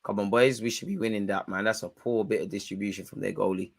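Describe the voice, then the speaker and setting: A young man hosting a football watch-along, commenting live and shouting at the referee. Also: fast, gravelly, slightly rough. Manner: animated, shouts at the referee, spikes in pitch and volume.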